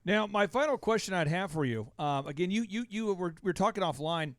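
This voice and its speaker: A high-pitched man hosts a talk-radio show, reacting excitably and laughing easily. He speaks into a studio microphone with a dry, close sound. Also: fairly quick, no echo. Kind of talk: casual talk-radio interview.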